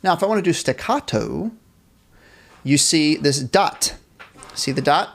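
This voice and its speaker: A man with a slightly higher voice leads a live online band class. He cheerfully answers questions from the chat and keeps encouraging the players. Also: lively intonation, measured pace, creaky, faint music behind. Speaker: music teacher.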